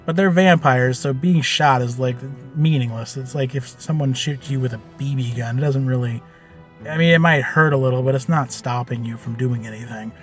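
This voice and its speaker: A man telling the story of a tabletop game he ran as game master, in a loose, animated way with lots of fillers and casual swearing. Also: mid-range voice, moderate pace, soft background music.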